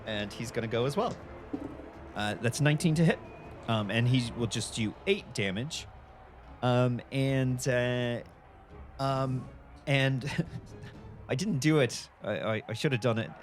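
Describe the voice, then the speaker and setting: A man playing a tabletop game, lively and playful. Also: medium pitch, measured pace, long pauses, faint music behind. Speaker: player. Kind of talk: casual tabletop play.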